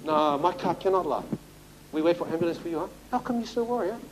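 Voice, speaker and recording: A man putting on a high, mocking young bar owner. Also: lively intonation, fast, slight background noise, close to an everyday voice, low-quality recording. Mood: dismissive. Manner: scolding, teasing, ends phrases with "huh?".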